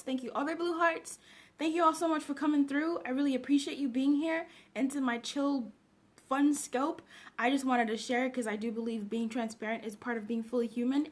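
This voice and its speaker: A woman life coach chatting casually on a live stream, upbeat and thanking viewers one by one. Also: high-pitched.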